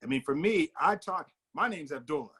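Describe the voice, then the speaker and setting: An American man talking through his ideas in a relaxed group discussion. His voice sits a little on the high side, and he explains earnestly and at length, building his points as he goes. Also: brisk, breathy edge. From United States. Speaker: discussion participant.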